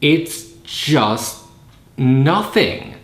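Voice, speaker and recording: A man's voice: a little high, very animated, drawn-out words. A man hosting a podcast who casually and sarcastically tears apart a horror movie scene by scene. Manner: sarcastic, acts out scenes in silly voices. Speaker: podcast host. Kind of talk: casual comedic movie critique. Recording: roomy echo.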